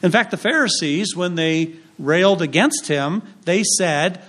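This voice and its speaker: A male pastor delivering a sermon in a fairly high voice. He preaches emphatically, leaning on repetition and dramatic pauses, and slips into other voices for the quotes he acts out. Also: a bit bright.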